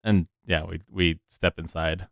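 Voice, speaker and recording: A man playing a character in a tabletop game, speaking haltingly with many fillers and restarts. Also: low voice, flat delivery, vocal fry, fairly bright tone, no room sound, clean studio sound. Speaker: player.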